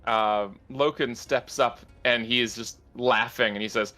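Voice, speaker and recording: A man's voice: mid-range voice, fairly even intonation, a little slow, hardly any pauses, sharp tone. A man narrating a tabletop game as game master, describing scenes with restarts and fillers.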